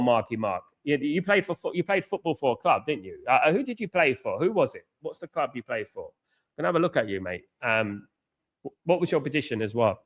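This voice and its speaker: A man hosts a live football watchalong in a mid-pitched voice. He chats casually, keeps thanking his viewers and repeats himself as the game plays. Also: a bit bright. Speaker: watchalong host.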